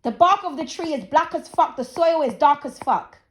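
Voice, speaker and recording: Blunt high-voiced woman in her thirties. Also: expressive, normal speed. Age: 30s. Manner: blunt, profane, preachy. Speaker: channel host. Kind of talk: casual opinion rant to camera.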